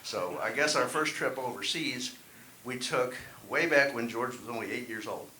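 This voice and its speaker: A man's voice: mid-range voice, moderate pace, bright, forceful tone. A man performing a wry, self-deprecating stand-up set at an open mic. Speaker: stand-up comedian. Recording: echoey room, faint hiss.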